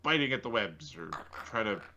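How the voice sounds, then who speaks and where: Male player, low pitch, animated delivery, muffled audio. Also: moderate pace. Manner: animated, rule-checking. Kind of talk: tabletop game play.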